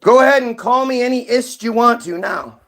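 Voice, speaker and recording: A man's voice: very high voice, normal speed, vocal fry, fairly bright tone. A man hosting his own channel in a heated, profane commentary rant, firing off rhetorical questions. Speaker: commentary host. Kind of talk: ranting commentary.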